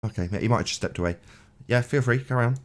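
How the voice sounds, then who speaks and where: A man hosting a casual group call, joking and moderating who speaks next. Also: mid-range voice. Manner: quick, joking, apologetic moderator. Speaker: host.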